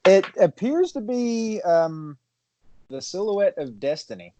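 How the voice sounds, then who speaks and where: Halting, chuckling male game master. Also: high-pitched, expressive, mellow, dry recording. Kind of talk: narrating a tabletop game.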